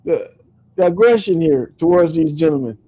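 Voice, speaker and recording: High, animated man hosting a call. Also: moderate pace, poor audio. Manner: laughing, playfully stirring things up. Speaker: stream host. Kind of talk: casual call-in chat.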